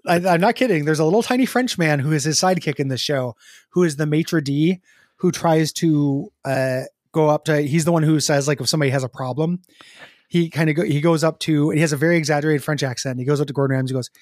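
A man's voice: on the high side, quick pace, darkish tone, dry recording, clean studio sound. A man co-hosting a casual chat, joking crudely and laughing often. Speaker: podcast co-host.

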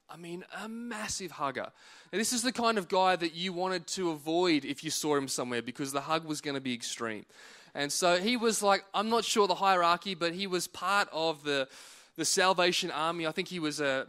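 A man preaches a sermon in a bright, sharp voice that sits high for a man. He tells stories vividly and presses his points with earnest urging. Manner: animated storytelling that builds to earnest exhortation. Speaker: pastor. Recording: church service recording.

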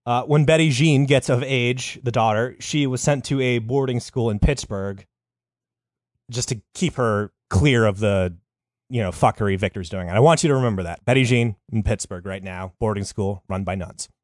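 A man's voice: medium pitch, normal speed, darkish tone, no room sound, clean studio sound. Crude, joking man telling a story. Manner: crude, joking, with frequent fillers. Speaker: podcast host telling a story. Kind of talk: casual storytelling chat.

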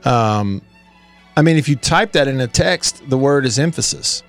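A man's voice: mid-range voice, lively intonation, normal speed, soft background music. A man hosting a country radio show, chatting casually and rambling with a co-host, often laughing. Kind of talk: casual on-air banter. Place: radio studio.

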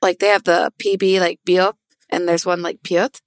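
A woman co-hosting a tabletop game podcast in casual chat, animated and joking, swearing freely. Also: fairly low pitch, moderate pace, no room sound. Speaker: podcast player and co-host.

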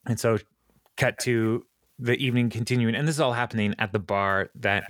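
A man chats casually through a recap of a TV episode, stopping for ums and short laughs as he goes. His voice sits in a middle pitch. The sound is dry and close. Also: fairly even intonation, fairly bright tone, no room sound. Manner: rambling retelling with many ums and quick laughs. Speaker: podcast host recapping a TV episode. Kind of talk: casual chat.

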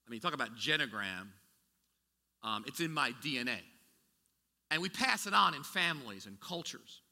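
A man's voice: mid-range voice, expressive, moderate pace, sharp tone. A man preaching a sermon as pastor, talking in a conversational way with many restarts and asides. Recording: echoey hall with long reverb.

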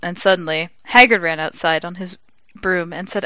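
A woman co-hosting a podcast, reading a text aloud in a deadpan comic way on a close mic. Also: on the low side, moderate pace, hardly any pauses, dry recording, highs cut off. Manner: deadpan reading broken by laughter. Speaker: podcast co-host. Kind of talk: comedic dramatic reading.

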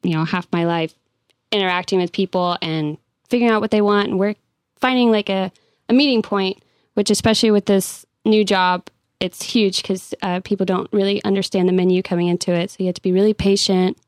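Woman co-host, chatty n quick, giggly, dry close mic. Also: medium pitch, fairly even intonation, no echo. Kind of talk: casual chat.

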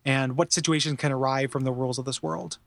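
Man, podcast co-host, casual chat, talks very fast, rambling, lots of fillers, dry close sound. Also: medium pitch, steady tone, vocal fry, fairly bright tone, no room sound. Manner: rambling, full of fillers and restarts.

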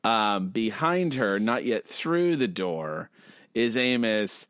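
Slow, lively-voiced man reading comics. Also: on the low side, clear, resonant tone, no echo. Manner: laughing often, describing panels in detail. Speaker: podcast co-host. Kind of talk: casual chat reading a comic strip aloud.

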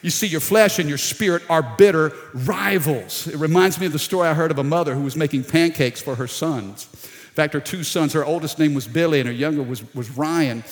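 A middle-aged pastor from South Louisiana with a Louisiana accent, preaching a sermon with animated storytelling, acting out the voices in his story and calling out to the congregation. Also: on the high side, a little fast. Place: church hall. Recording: long hall reverb.

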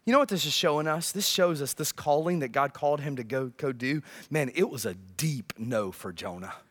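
A man preaching a sermon, swinging from loud bursts down to near-whispers and checking in with "right?" again and again. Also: mid-range voice, animated, normal speed. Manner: peppers lines with "right?". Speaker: pastor.

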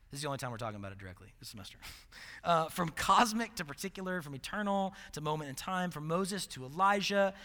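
Guy preaching a sermon, high bright voice, chatty and animated, gets loud then drops to a hush, long hall reverb. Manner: conversational, animated, swings between loud and hushed.

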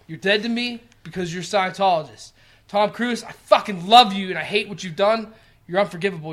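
A man's voice: high-pitched, expressive, fairly quick, a bit bright. A man in his thirties, co-hosting a podcast, tells rambling, profane stories and acts out the quotes. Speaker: podcast co-host. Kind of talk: casual podcast chat.

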